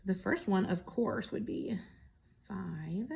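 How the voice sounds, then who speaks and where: A woman teacher walking young children through a worksheet step by step, gentle, patient and encouraging. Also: mid-range voice, slow, creaky, slightly rough.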